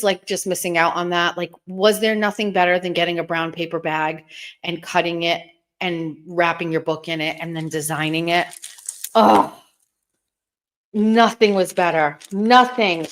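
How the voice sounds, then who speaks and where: A woman's voice: fairly low pitch, fairly even intonation, unhurried. A woman in her thirties hosting a casual livestream, rambling and chatty while opening gifts, teary and close to crying. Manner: rambling, nostalgic, chatty with fillers. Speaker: host.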